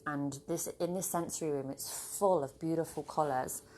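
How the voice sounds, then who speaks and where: Low-voiced swearing woman vlogger. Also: normal speed, mellow, slight background noise. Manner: rambling, swears freely, bursts into laughter and playful voices. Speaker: spiritual vlogger. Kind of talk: casual chat to camera. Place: home with her dog. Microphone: camera on a tripod.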